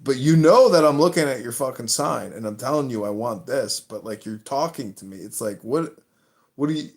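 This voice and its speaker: Man, mid-pitched voice, crude humor, casual podcast chat. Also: expressive, moderate pace. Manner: crude, laughs at his own jokes. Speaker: podcast host.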